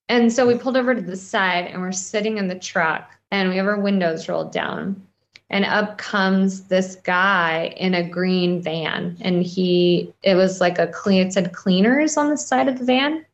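Woman recounting a story, halting, lo-fi. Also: mid-range voice. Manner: halting storytelling with many fillers and restarts. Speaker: guest, local resident. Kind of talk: personal account in an interview.

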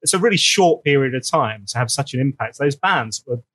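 A man hosts the chat at a brisk clip, his questions running on and winding about. His voice sits at an ordinary pitch, recorded close and dry. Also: lively intonation, a bit bright, dry recording. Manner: asks long, rambling questions. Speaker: podcast host. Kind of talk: casual interview chat.

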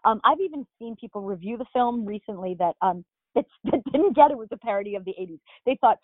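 A middle-aged actress from Long Island, New York, chats casually as an interview guest in a Long Island accent, full of fillers and restarts. Her fairly high voice is fast with lively intonation, heard over a dry, tinny, phone-like line with no room sound.

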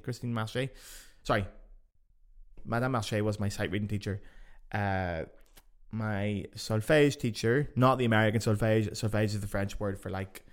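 A young man rattles through anecdotes at a quick clip, his voice sitting fairly low. He hosts a podcast and talks casually, cursing freely and animating every story. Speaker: podcast host.

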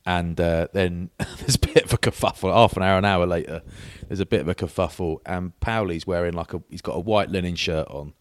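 Low-voiced man telling a story. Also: a little fast, hardly any pauses, no echo, clean studio sound. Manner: animated anecdote telling with mimicked voices. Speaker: podcast co-host. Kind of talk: casual chat, storytelling.

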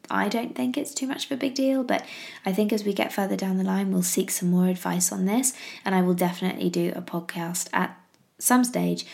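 A woman's voice: on the low side, creaky, a little mellow. An English woman in her thirties, chatting casually about her baby and rambling with fillers and restarts. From England. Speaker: parenting podcaster. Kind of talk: casual chat.

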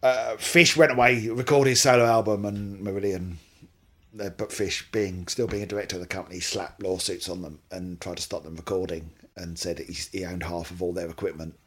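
A man's voice: low voice, fairly even intonation, brisk, husky. A man hosting a podcast, telling a story in a casual, jokey way and reading out documents. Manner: storytelling, jokey, reads aloud. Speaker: podcast host. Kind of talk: casual chat.

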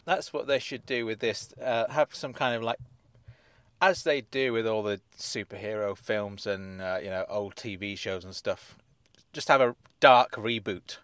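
A man's voice: lowish voice, a little slow, fairly bright tone, smooth, dry recording. A man reading episode synopses aloud and adding dry, sardonic asides, chuckling as he goes. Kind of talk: casual comic commentary.

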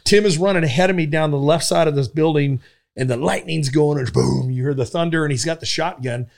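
Animated middle-aged man telling stories. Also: a little high, brisk, gravelly. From Nebraska. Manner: animated, vivid storyteller who swears casually. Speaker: guest, former police officer. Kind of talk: casual storytelling in a podcast interview.

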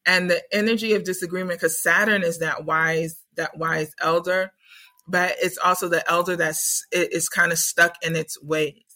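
A woman podcast host gives a casual spiritual teaching, animated and conversational, often checking in with "right?". Her voice is bright and crisp. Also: lowish voice, moderate pace, rough recording.

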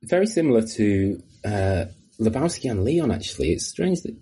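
A man's voice: fairly low pitch, sing-song, normal speed, mellow, husky. A man with a Yorkshire accent, a guest on a movie podcast, recalling things in a rambling, self-correcting way. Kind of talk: casual podcast chat.

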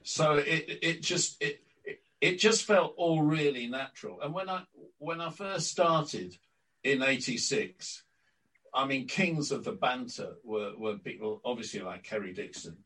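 An older man, a guest on an interview podcast, telling lively stories from his career and acting out quotes. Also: medium pitch, unhurried, recorded from a distance, rough recording. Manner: lively raconteur, acts out quotes. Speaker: interview guest, former club announcer. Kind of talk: anecdotal storytelling.

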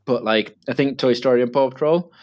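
A man's voice: mid-range voice, brisk, a little mellow, lo-fi sound. A young man chatting casually, telling a rambling family story with laughs and acted-out quotes.

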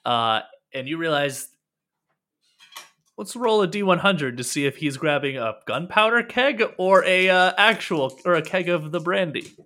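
A man's voice: a little high, lively intonation, a little slow, bright, forceful tone. A man narrating as game master in a tabletop game, with frequent fillers and self-corrections.

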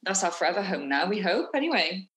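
A woman's voice: medium pitch, very animated, fast, fairly bright tone. A woman, a business owner chatting as a guest in a chatty, self-deprecating way. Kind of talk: casual interview chat.

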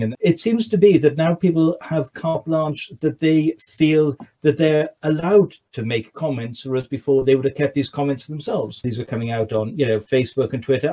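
A man with a dark, mellow voice speaks as a stand-up comedian guest on a podcast. His delivery is dry and self-deprecating, and his sentences often fall quiet at the end. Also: mid-range voice. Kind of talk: casual podcast chat.

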